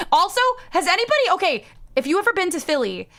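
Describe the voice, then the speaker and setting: A woman's voice: very high voice, sing-song, a little fast, bright, forceful tone. A young woman from the New York area, rambling casually on a stream, swearing and laughing. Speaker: vtuber streamer.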